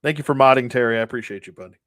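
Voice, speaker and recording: A man's voice: medium pitch, rapid-fire, a bit bright. A middle-aged man from the Buffalo area hosting a casual toy-collecting livestream, rambling, laughing often and greeting viewers by name. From Buffalo, New York area.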